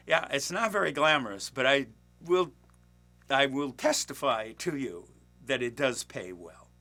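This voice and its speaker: Middle-aged guy, bright forceful voice, rambling with lots of uhs and restarts. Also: mid-range voice, lively intonation, a little slow. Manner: rambling, many fillers and restarts, chuckles. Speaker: working actor, podcast host. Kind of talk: casual storytelling monologue.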